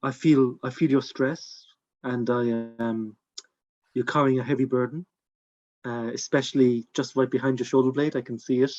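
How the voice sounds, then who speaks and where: A man voicing a gentle male clan healer in a put-on Welsh accent, melodious and coaxing, with lots of hesitant fillers. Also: mid-range voice, steady tone, moderate pace, lo-fi sound, natural voice. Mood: soothing. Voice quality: melodious, soothing.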